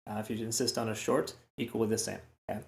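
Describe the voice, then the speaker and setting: Male trading host, low voice, casual rambling delivery, roomy echo. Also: flat delivery, fast talker, gravelly, darkish tone. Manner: chatty, repeats words, frequent "okay?" and "right?" asides. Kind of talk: casual chart analysis talk.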